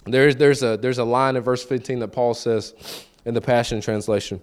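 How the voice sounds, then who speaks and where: Preaching at a normal speed with few pauses, this man has a mid-range voice and fairly even intonation. His sermon is conversational, full of stories where he plays out his own lines and other people's, repeating key phrases to drive them home.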